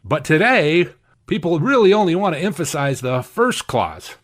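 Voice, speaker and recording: A man's voice: on the high side, very animated, normal speed, fairly bright tone. A man preaching a sermon, emphatic and repeating key phrases for stress. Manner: acts out quoted speakers in shifted voices. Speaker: pastor.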